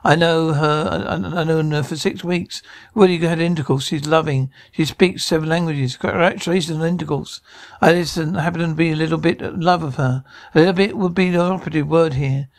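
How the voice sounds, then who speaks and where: Gravelly man bickering through a sitcom scene. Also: a little high, fairly even intonation, fairly quick. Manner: bickering, flustered comic delivery with stammers and restarts. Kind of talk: one-man reenactment of a sitcom scene, voicing every part.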